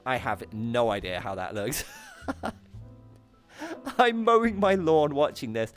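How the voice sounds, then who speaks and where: A man's voice: medium pitch, wildly swooping pitch, slow, soft background music. A British man hosting a VR talk show livestream, greeting his chat affectionately, giggling often and poking fun at himself. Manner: bubbly and affectionate, giggly, self-mocking.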